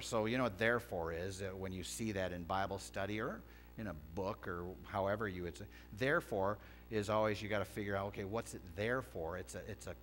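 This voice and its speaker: A man's voice: low-pitched, a little hiss or hum. A pastor preaching a sermon in a church, switching between casual talk and emphatic scripture reading. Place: church sanctuary.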